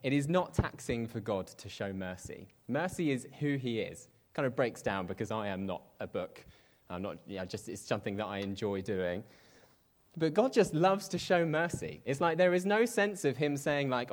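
A man's voice: medium pitch, lively intonation, normal speed. A man preaching a sermon in a conversational way, with self-deprecating asides and quoted voices acted out at shifting pace.

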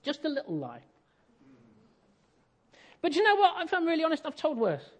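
A man's voice: extremely high pitch, huge pitch swings, normal speed, fairly bright tone. An English man preaching a sermon, telling a family story in a conversational way with self-deprecating humour.

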